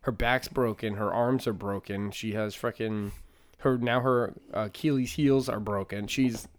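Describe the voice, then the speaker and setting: A man's voice: on the low side, fairly even intonation, a little slow. A man co-hosting a podcast, joking and swearing in casual chat and laughing often. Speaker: podcast co-host.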